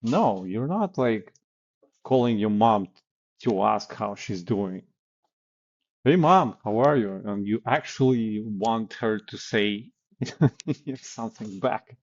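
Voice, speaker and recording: A man's voice: fairly low pitch, slow, darkish tone, highs cut off. A man coaching on sales calls in a blunt, casual way, with many fillers and acted example lines. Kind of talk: casual instructional talk.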